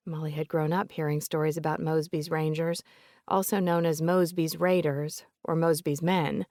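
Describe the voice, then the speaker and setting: A woman's voice: low-pitched, level tone, moderate pace, darkish tone, dry recording. Woman narrating an audiobook, dry and close.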